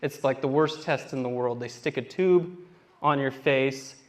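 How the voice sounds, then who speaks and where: A young man performing stand-up on a theater stage, speaking into a handheld mic. He rambles through self-deprecating stories and slips into acted-out quotes of himself and others, at an everyday pitch. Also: measured pace. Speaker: stand-up comedian. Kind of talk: stand-up comedy set.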